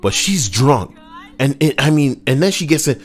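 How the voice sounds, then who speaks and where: A man hosting a video, delivering an animated, profane commentary rant. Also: fairly quick, faint music behind. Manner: animated, profane, swinging up and down in pitch. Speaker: video host.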